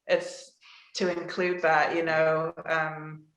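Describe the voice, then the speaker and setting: Author guest, relaxed and plainspoken, echoey room sound. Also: medium pitch, slow. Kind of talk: casual panel talk.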